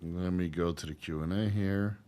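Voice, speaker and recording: A man's voice: sits low, fairly even intonation, normal speed, warm tone. Rambling crude man answering chat. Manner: rambling, crude, laughs often, many fillers. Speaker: channel host answering live chat questions. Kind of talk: casual livestream Q&A.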